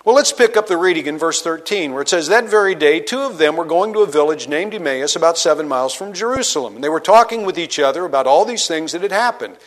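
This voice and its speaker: A man preaching a sermon, reading scripture aloud and retelling it in everyday words, dropping low and quiet to stress key points. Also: lively intonation, quick pace, hardly any pauses. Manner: expository preaching, reads scripture aloud and paraphrases it conversationally; dynamic delivery, drops low and quiet for emphasis. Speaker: pastor.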